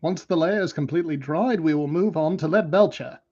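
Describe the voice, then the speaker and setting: An American man putting on an English accent to imitate a calm painting tutorial presenter, in a muffled stream recording. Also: fairly high pitch, brisk, lightly acted. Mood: instructive. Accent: put-on English.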